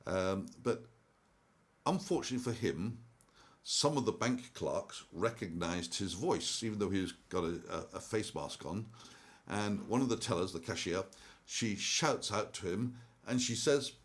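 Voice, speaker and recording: A man's voice: on the low side, lively intonation, unhurried. An older man giving a casual, rambling monologue about markets and an old story, with many ums and restarts. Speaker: investment commentator.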